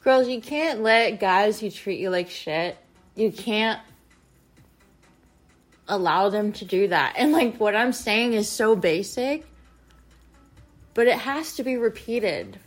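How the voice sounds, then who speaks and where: Speaking slowly with long pauses, this young adult woman confides in her viewers through a casual vlog, wandering and leaning on lots of fillers. Her medium-pitched voice is expressive, with faint music in the background.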